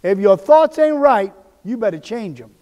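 A man preaching from the pulpit in a notably high voice. He drives his points home by repeating them and speaks the lines of inner voices aloud. A long reverb trails his words through the church. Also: expressive, normal speed, warm tone. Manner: emphatic, repetitive preaching with quoted inner voices. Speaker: pastor. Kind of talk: sermon.

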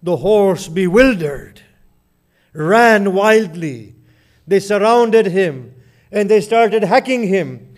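A man preaching a Muharram lament sermon, recounting in a slow, mournful, drawn-out way. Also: sits high, expressive.

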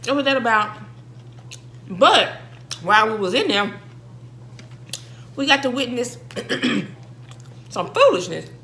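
A woman's voice: on the high side, very animated, slow pace, long pauses, bright, forceful tone. A woman, chatting casually as she eats on camera, telling stories with laughing asides. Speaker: vlogger eating on camera. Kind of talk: casual mukbang chat.

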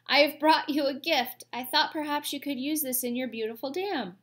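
A woman voicing a calm, polite female robot who speaks slowly and formally, without contractions. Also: high-pitched, voice pushed up.

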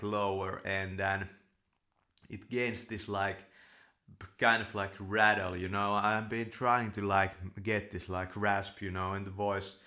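A man's voice: lowish voice, sharp tone. A man, a Finnish native speaker, talking in a casual rambling monologue as a podcast host, full of "like" and "you know". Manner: filler-heavy, many "like" and "you know".

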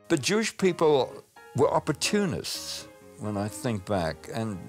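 An older man with a South African accent, telling stories from his childhood and career in a lively way. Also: medium pitch. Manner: lively storytelling, mimics voices. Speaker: radio personality. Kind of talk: reminiscing interview.

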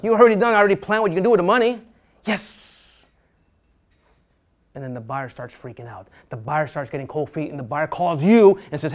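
A middle-aged man giving a lively classroom lecture in a slightly high voice. He is animated and theatrical, swinging between playful panic and calm advice as he acts out scenes for his students. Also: normal speed. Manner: animated, dramatic, acts out panicked agents and jokes. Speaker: real estate instructor.

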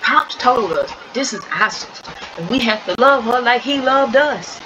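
A woman voicing a young man who firmly coaxes his feuding sisters toward peace, on a slightly dull recording with steady noise. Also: a little high, close to an everyday voice. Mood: coaxing. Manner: firm yet coaxing, slowed.

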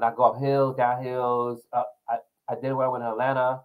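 A young man hosts his own show, talking straight through the news and his own stories with loose, rambling energy. His voice sits at an ordinary middle pitch, and he jumps between topics in a casual, chatty way. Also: brisk, few pauses, highs cut off. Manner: rambling, animated storytelling with laughs. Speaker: talk show host. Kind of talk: casual commentary monologue.

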